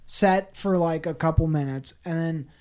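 Animated, profane young man telling a story. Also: fairly high pitch, moderate pace. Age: late 20s. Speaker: podcast co-host. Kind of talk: casual chat.

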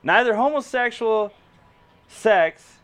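A young man talking in a relaxed, joking way, with a voice that sits a bit high for a man. He reads web pages aloud to a friend with loose asides and lots of "dude" and "bro.". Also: takes it slowly, clear, resonant tone. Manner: laid-back, joking, says dude and bro. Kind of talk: casual chat, reading web pages aloud.

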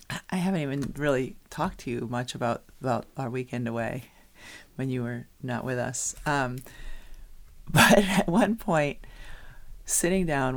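A middle-aged woman chatting casually as a podcast co-host, telling stories with lots of laughter and restarts. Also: a bass voice. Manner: animated storyteller, laughs often, many restarts. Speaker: podcast co-host, youth basketball coach. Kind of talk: casual chat.

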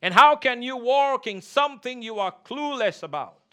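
A man's voice: extremely high pitch, animated, moderate pace, pushed and bright, clear, resonant tone. A man preaching a sermon as pastor, emphatic, calling for responses from the congregation and repeating key phrases for emphasis.

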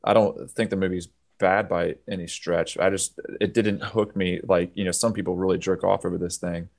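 A man's voice: low-pitched, flat delivery, moderate pace, creaky. A man co-hosting a podcast, giving blunt, laid-back opinions with crude jokes. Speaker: podcast co-host. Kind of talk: casual movie chat.

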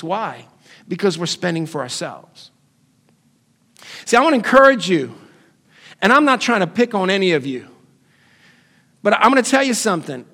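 A man preaching a sermon, emphatic, with big swings between loud and soft. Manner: emphatic preaching with dramatic swings in pitch and loudness. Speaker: pastor.

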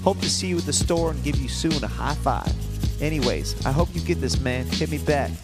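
A man's voice: on the high side, expressive, fairly quick, over loud music, pitched above the performer's own voice, lightly acted. A man voicing an eager male Norwegian fan with a put-on Norwegian accent, reading a letter in a raised, sing-song voice.

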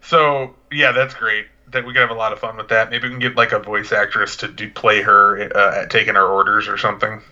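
Man, podcast co-host, very bright tone, dull lo-fi sound, casual rambling chat. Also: on the low side, flat delivery, brisk, few pauses.

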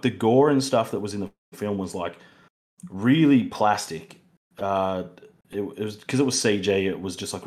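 A young Australian man co-hosting a casual film review podcast, rambling with many fillers and restarts. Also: fairly low pitch. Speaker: podcast co-host.

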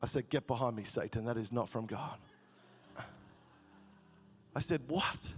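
A man preaches a testimony sermon in a storytelling way that builds to fervent emotion. His voice sits high and sounds bright and forceful. Faint music plays behind him. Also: in a large hall. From Australia.

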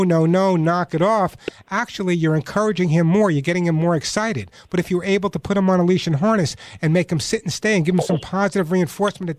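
Emphatic high-voiced male radio host. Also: a little mellow, dry recording. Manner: emphatic, coaching, repeats key points. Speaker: radio pet show host and dog trainer. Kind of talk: call-in radio advice.

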